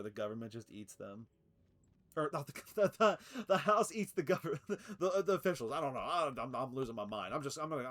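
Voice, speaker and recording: A man streaming a factory game live, excitable and swearing, laughing often and cooing at his cat. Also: medium pitch. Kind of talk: live gameplay commentary.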